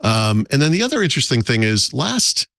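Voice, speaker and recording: A man's voice: medium pitch, very animated, fairly quick, vocal fry, a bit bright, no room sound, clean studio sound. A man co-hosting a tech podcast, rambling in a casual, self-deprecating way with frequent chuckles. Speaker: podcast co-host.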